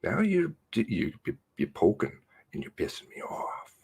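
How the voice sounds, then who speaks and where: Furious husky man ranting. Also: fairly low pitch, wildly swooping pitch, measured pace. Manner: furious ranting, swearing, swinging from shouts to hushed mutters. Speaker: channel host. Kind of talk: angry commentary reading a news release.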